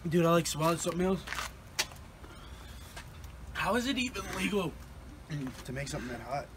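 Young male vlogger, excitable and profane, high-pitched, noisy recording. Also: moderate pace. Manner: profane, excitable, loud exclamations. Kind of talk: casual challenge vlog. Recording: noisy background.

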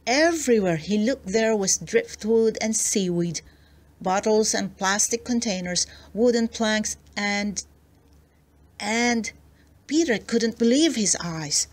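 A woman narrating a children's storybook aloud, slow and expressive. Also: mid-range voice. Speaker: storybook reader.

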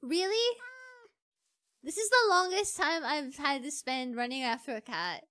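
A woman streamer with a very high, bright voice, chatting through gameplay in an unhurried way. She is excitable, coaxing and pleading, and she talks to an animal as if it were a pet. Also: no room sound, clean studio sound. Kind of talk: casual gameplay commentary.

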